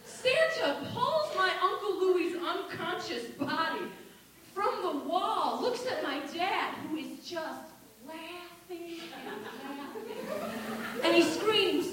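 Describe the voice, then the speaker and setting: A woman telling a family story as stand-up comedy, acting out her relatives in quick changing voices. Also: very high voice, very animated, far from the mic, crowd noise. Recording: echoey room, voice from off-mic.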